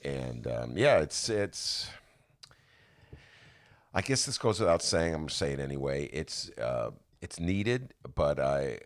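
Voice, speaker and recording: A very deep-voiced man, his voice gravelly. He talks in a rambling, self-deprecating way, full of restarts, and his pitch swings widely as he hosts a casual podcast chat. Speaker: podcast host.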